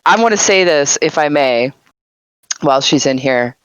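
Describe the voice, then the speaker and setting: A woman in her thirties chatting in a relaxed, laid-back way as a guest on a live-stream interview. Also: deep voice, normal speed, clear, resonant tone, no room sound. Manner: laid-back, laughs often. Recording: dull, muffled lo-fi mic audio.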